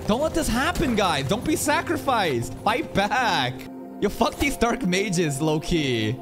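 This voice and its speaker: A man reacting to an anime episode in casual, excitable commentary. He swears freely and jokes at the screen. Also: sits high, slow, music in the background. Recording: anime audio playing behind him.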